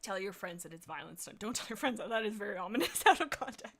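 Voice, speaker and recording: A woman's voice: mid-range voice, expressive. Bubbly rambling woman streamer. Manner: bubbly, rambling, quick asides. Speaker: livestream host. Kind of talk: casual livestream chat and reading aloud.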